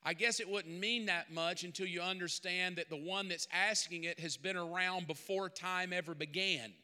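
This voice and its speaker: Emphatic pastor with a bright, piercing voice. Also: male voice, high-pitched, steady tone, moderate pace, clear, resonant tone. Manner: conversational preaching that builds to emphatic peaks. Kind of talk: sermon. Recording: long reverb of a large hall.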